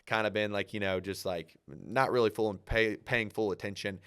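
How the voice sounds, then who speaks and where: A young man, a guest on a talk show, telling a story in a casual, animated way. He fills his talk with "like", acts out his own thoughts and swears casually. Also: lowish voice, normal speed, smooth. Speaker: podcast guest.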